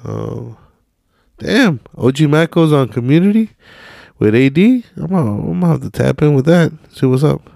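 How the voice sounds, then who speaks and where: Young guy podcast host, gravelly, dry close mic, swearing and rambling while he looks stuff up. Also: a little high, lively intonation, normal speed, dark tone, no echo. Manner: profane, rambling, searching on his phone while talking. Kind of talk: casual ranting monologue.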